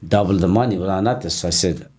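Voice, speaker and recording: Low-voiced man telling his story haltingly. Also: darkish tone. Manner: halting, repeats words, breaks off mid-sentence. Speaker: interview guest, personal trainer. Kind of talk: casual storytelling interview.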